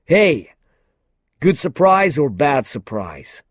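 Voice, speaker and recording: A cocky, careless male movie star in a storybook reading, as a narrator puts him on. He comes across loud and breezy at a clearly raised pitch, in a dry, close recording. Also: very animated, takes it slowly, dry recording, heavily acted. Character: confident, careless famous male film star.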